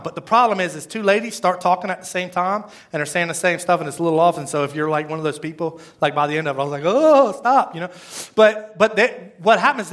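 A man's voice: sits high, a bit bright. A man, a pastor, giving a conversational sermon, rambling, repeating words and asking the congregation questions.

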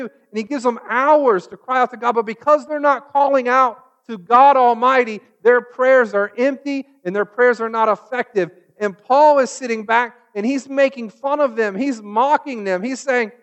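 Male preacher with a high voice, sermon delivery, loud retellings and a hushed close. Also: normal speed. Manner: builds to loud mocking retellings, then drops to a hushed close.

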